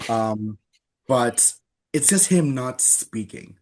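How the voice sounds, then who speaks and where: A man's voice: medium pitch, animated, takes it slowly, darkish tone, a little hiss or hum. A man with a mid-range voice, guesting on a casual movie podcast. He tells stories with animation and laughs mid-sentence.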